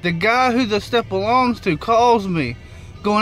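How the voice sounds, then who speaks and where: Guy ranting about his rideshare job, kinda high voice, swears a lot, acts out what people said. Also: unhurried. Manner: animated, swears freely, acts out quotes. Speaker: rideshare driver vlogger. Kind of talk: casual storytelling vlog.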